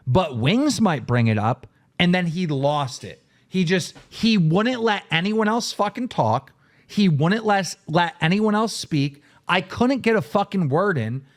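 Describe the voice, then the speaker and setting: A man on a podcast telling a story with lots of swearing, acting out what others said. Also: high voice. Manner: excitable, swearing, acts out quotes. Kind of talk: animated storytelling with profanity.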